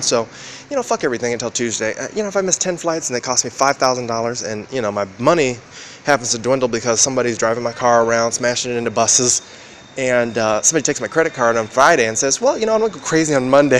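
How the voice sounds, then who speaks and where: A man vlogging in a rambling, profane monologue, acting out quoted exchanges with sudden jumps in pitch. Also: fast talker, slight background noise. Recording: loud background ambience.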